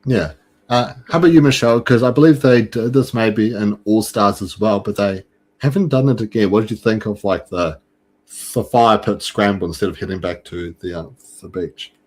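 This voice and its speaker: A man with a lowish voice hosts a relaxed fan podcast. He talks in a chatty, loose way, full of fillers and restarts. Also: moderate pace. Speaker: podcast host. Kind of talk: casual fan chat.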